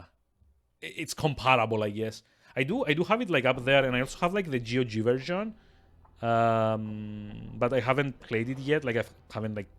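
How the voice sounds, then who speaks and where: A man's voice: mid-range voice, a bit bright. A man streaming a game live at his desk, chatting casually with viewers in a rambling way, with stammering restarts and frequent chuckles. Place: at his desk with two screens.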